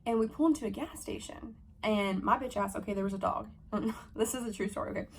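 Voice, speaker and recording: Young woman ranting a storytime vlog super fast, lots of swearing, gravelly voice, faint room hum. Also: medium pitch. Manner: fast, profane, animated storytelling with fillers; acts out her own heated quotes. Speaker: vlogger. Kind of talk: storytime vlog, casual chat.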